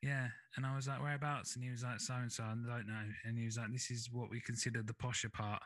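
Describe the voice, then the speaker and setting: A man hosting a podcast, easygoing and chatty at a middling pitch. He talks through his points loosely and keeps checking that his guest is with him. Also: level tone, fast talker, a bit bright, poor audio. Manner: laid-back, chatty, asks for agreement. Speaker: podcast host. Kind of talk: casual chat.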